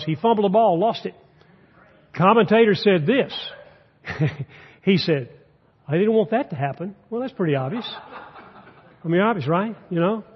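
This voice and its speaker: Folksy preacher, high voice. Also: male voice, slightly rough, long reverb tail, lo-fi sound. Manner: folksy, conversational preaching with humor. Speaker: guest preacher. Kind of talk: sermon. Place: church sanctuary.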